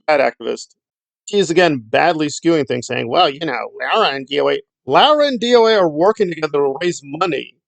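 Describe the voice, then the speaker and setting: A middle-aged YouTube commentator rambles through a vlog, offering blunt, sarcastic remarks. His medium-pitched voice is creaky, and the recording is dry.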